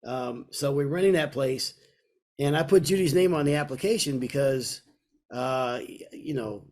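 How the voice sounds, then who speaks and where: A man in his sixties from Kentucky, co-hosting a podcast and telling a personal story in a casual, animated way. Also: medium pitch, normal speed. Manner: animated storyteller, acts out voices in quotes. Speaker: podcast co-host.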